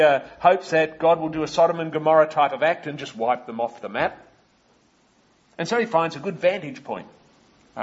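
On a lo-fi recording, an Australian preacher gives a measured, explanatory expository sermon peppered with "uh" fillers and asides to his listeners; his voice is fairly high and slightly rough.

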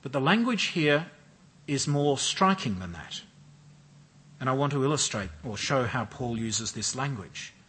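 A man preaching an expository sermon with a measured, emphatic delivery, often repeating and stressing key phrases. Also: mid-range voice, expressive, fairly bright tone, slightly rough.

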